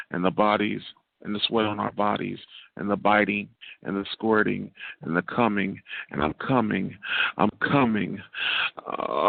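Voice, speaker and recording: A man's voice: lowish voice, gravelly, no echo. A man, a guest poet calling in by phone, performing spoken word with a rhythmic, repetitive cadence. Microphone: phone call. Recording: tinny, dry phone line.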